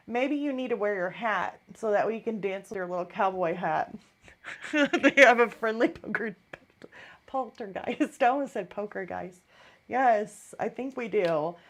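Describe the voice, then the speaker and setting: Hosting a live art stream, a middle-aged woman with a voice on the high side tells a story in casual chat, acting out the voices of the people involved.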